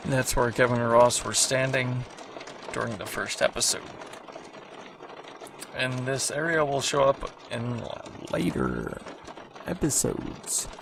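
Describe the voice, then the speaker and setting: A man casually commenting on his own animated series, rambling, swearing and poking fun at himself. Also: medium pitch, gravelly, background noise. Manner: rambling, profane, self-mocking. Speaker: creator of an animated web series.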